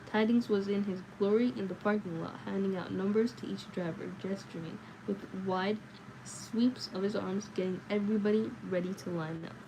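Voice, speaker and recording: A woman reading a novel aloud on a livestream, in a steady way with small slips and self-corrections. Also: medium pitch, moderate pace, noisy background. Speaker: livestream book reader.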